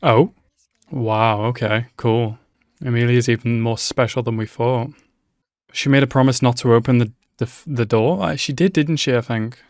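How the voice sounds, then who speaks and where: Guy doing a reaction vid, mid pitch, swears a lot, gets loud when stuff happens, dry close mic. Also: fairly even intonation, moderate pace, dry recording. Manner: emotional, swears often, exclaims loudly at tense moments. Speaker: anime reaction channel host. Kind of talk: live reaction commentary.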